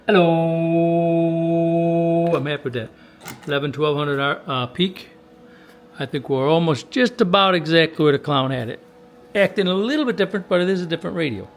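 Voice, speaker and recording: A man's voice: a little high, animated, fast talker, fairly bright tone. A man in a radio workshop giving casual commentary to a camera while testing and tuning a radio, in a folksy, chatty way. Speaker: CB radio technician.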